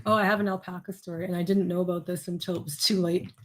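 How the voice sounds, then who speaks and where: A woman's voice: lowish voice, level tone, quick pace, background noise. A woman co-hosting a casual chat show, telling animal stories and laughing through them. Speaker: co-host.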